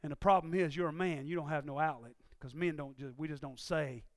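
A man preaching a sermon in a folksy way, dropping to quiet asides and rising to shouted, impassioned peaks. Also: steady tone, brisk, no echo, clean studio sound. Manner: swings from low conversational asides to shouted, impassioned climaxes; folksy, uses ain't and y'all.

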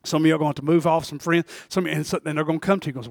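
A man preaching a folksy sermon, dropping to a hush and then building to shouts. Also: fairly high pitch, steady tone, racing, vocal fry, hardly any pauses, no echo, studio quality. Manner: swings from hushed to shouting, folksy. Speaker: pastor.

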